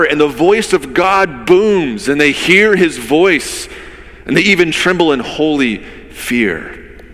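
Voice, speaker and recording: A man's voice: fairly high pitch, sharp tone. A man, a pastor, giving a conversational sermon with vivid storytelling and rhetorical questions. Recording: long reverb of a large hall.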